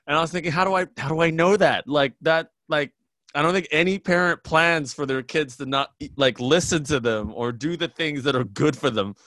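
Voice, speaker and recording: A man's voice: on the high side, brisk, fairly bright tone, no room sound. Candid rambling man, dry close sound. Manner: candid, rambling, self-deprecating. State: tired new parent. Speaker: podcast host. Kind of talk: casual interview chat.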